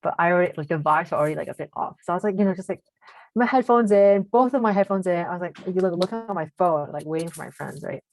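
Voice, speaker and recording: A teenage girl with a deep voice, chatting casually as a podcast co-host and telling a story, full of fillers and switching into Cantonese now and then. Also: quick pace, no room sound, soft background music. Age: teens. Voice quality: deep voice for a woman.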